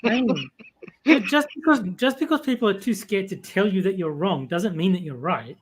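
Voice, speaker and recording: A man in casual podcast banter who reasons in a measured, hesitant way with many fillers. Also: high voice, husky.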